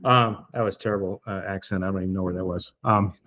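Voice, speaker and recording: Male podcast guest, relaxed explainer who thinks out loud, slightly muffled recording. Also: deep voice, fast. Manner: explains through hypothetical scenarios, many fillers. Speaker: estate planning guest.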